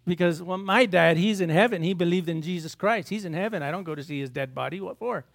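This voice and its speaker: A man's voice: high voice, quick pace, gravelly. A man preaching a sermon as a pastor, asking his congregation rhetorical questions and acting out biblical scenes in raised voices.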